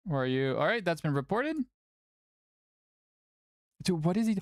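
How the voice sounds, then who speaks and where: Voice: mid-range voice, lively intonation, unhurried, dry recording, clean studio sound. A tournament stream host chatting casually and playfully, often cooing at a cat between updates. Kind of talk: casual livestream chat.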